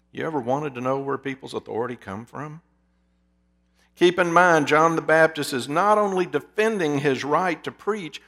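Dramatic preacher man, hushed asides. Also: fairly high pitch. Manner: dramatic, poses rhetorical questions to listeners; drops to a hushed voice for emphasis. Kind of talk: sermon.

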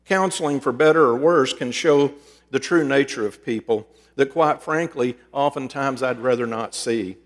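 A middle-aged male preacher who also counsels people speaks in a plain, mid-range voice, sharing personal stories as a sermon. His delivery is earnest and conversational, swinging between hushed and loud moments. A long reverb trails his words, as in a big hall. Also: medium pitch, normal speed. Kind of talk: storytelling sermon.

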